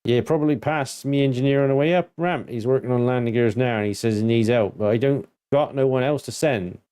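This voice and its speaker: A man voicing a gruff, weary male ship captain in a game, with a put-on West Country English accent and a blunt, rural-sounding drawl. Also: mid-range voice, a little fast, dark tone, no room sound, natural voice.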